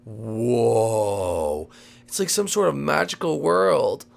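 A woman hosting a game role-play, leading her friends in an excitable, bossy way with sudden shouts. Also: extremely low pitch, fairly quick, vocal fry. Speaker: host.

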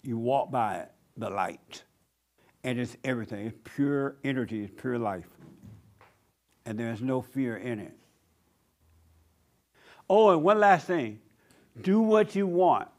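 A man's voice: mid-range voice, expressive, a little slow, long pauses. A man preaching a blunt sermon as pastor, mimicking whiny voices to mock them.

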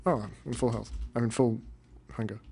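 A young man rambling through casual let's-play commentary, deadpan and cursing now and then. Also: mid-range voice, moderate pace, vocal fry. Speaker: gamer.

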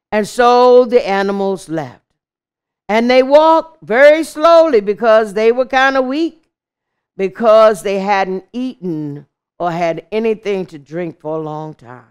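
Slow, clear-voiced woman storyteller. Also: a little high, animated. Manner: slow, warmly inviting, leads call-and-response. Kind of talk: storytelling for children.

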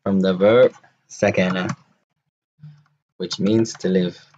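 A man teaching an Arabic lesson, repeating words slowly and drilling phrases to his students. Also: deep voice, fairly even intonation, a little mellow, lo-fi sound, slight background noise. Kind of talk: classroom lesson.

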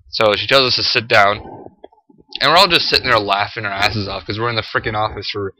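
A teenage high school boy ranting to camera, profane and exasperated, full of "like" and "freaking". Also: brisk, pushed and bright, slight background noise, low-quality recording. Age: teens. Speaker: high school student vlogger.

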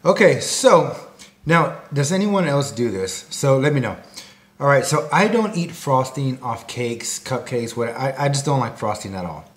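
A man's voice: medium pitch, very animated, normal speed. A man giving a comedic food promo, rambling and jokey, drifting off on tangents. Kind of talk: comedic promo talk to camera.

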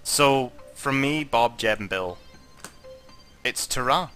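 A young Scottish man commentating on his own gameplay, tipsy, sweary and jokey, swinging between muttering and excited shouting. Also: medium pitch, takes it slowly, soft background music. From Scotland. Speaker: gaming YouTuber.

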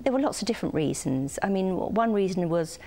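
An older woman from the United Kingdom, a guest on a TV interview, speaking softly and hesitantly with many pauses. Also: medium pitch, expressive. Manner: soft-spoken, hesitant with many ums.

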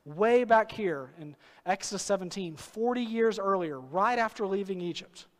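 A high-pitched man preaches in a church, his voice trailing off into a long hall reverb. He talks earnestly and slows right down to stress key phrases. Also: expressive. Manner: earnest preaching with sudden slow emphatic phrases and acted quotes. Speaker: pastor. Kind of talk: sermon. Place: church sanctuary.

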